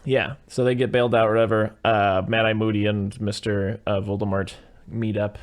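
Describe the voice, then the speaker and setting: A man hosting a podcast, casually retelling a film plot in a rambling way, with quick put-on voices for the characters. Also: lowish voice, flat delivery. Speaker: podcast host. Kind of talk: casual chat recapping a film.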